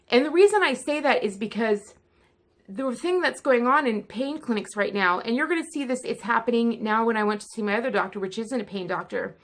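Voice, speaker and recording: A woman's voice: fairly high pitch, fairly bright tone. Woman vlogger, casual chat to camera, candid and chatty, in pain and fidgety. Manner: candid, chatty, speeding up and slowing down.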